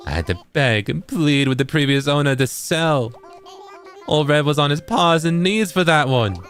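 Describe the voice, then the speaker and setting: A man's voice: on the high side, expressive, moderate pace, a bit bright, soft background music. A man voicing a sly, pushy middle-aged male fox merchant with wheedling salesman patter. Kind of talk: reading game dialogue aloud in character.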